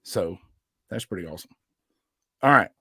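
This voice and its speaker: A man's voice: low-pitched, expressive, normal speed, pushed and bright, slightly rough, no room sound, studio quality. A man co-hosting a casual sports podcast, upbeat and chatty, running through news and show announcements. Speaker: podcast co-host.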